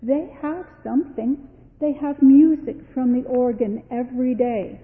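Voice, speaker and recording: A woman voicing an eager, earnest young boy mouse who speaks softly. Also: high voice, lively intonation, unhurried. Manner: earnest, soft-spoken. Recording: tinny, echoey long reverb.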